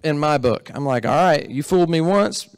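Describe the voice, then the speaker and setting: A pastor with a clear, resonant, fairly high voice and lively intonation preaches at a moderate pace in a church sanctuary. He talks conversationally and asks the congregation questions; the audio is studio quality with no room sound.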